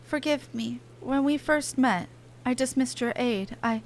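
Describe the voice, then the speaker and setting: An actress voicing a mysterious, earnest young woman in a video game cutscene, speaking in a halting, pleading way. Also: high-pitched, a little hiss or hum. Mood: remorseful. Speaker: game character.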